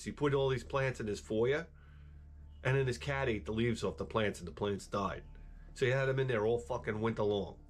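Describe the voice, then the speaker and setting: A man's voice: medium pitch, slight background noise. A middle-aged man chatting casually while streaming a game, rambling and profane, with wisecracks. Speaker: gameplay streamer. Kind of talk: casual chat while gaming.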